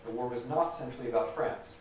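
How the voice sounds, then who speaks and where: A man's voice: medium pitch, quick pace, a little hiss or hum. A man with an American accent giving a public lecture, emphatic and repeating key phrases for stress. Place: large lecture hall. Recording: echoey hall recorded from a distance.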